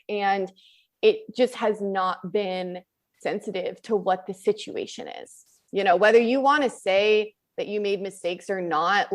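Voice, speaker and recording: A woman co-hosting a podcast, conversational and thoughtful, weighing both sides of a political argument. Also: mid-range voice. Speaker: podcast co-host. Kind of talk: political discussion.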